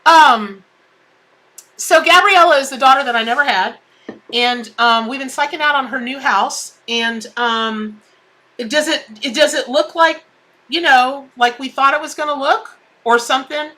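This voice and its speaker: A woman's voice: sits high, measured pace, bright, forceful tone. A woman hosting a live tarot stream, chatting in a bubbly way and greeting viewers by name. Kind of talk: casual live-stream chat.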